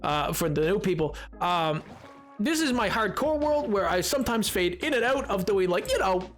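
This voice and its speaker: A man's voice: high voice, big pitch swings, normal speed, soft background music. A man streaming a game live, chatting casually with his viewers in a rambling way and laughing often.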